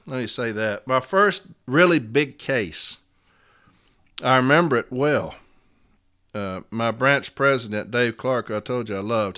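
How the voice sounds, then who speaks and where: A man hosting a union podcast, speaking in an impassioned monologue with an emphatic, repetitive, preacher-like cadence that swings between loud declarations and quiet storytelling. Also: medium pitch. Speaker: union steward and podcast host.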